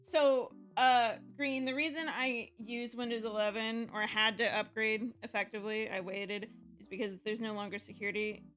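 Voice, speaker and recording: A woman's voice: a little high, fairly even intonation, normal speed, few pauses, fairly bright tone, faint music behind. A woman streamer chatting casually on a live stream, laughing often and using lots of fillers.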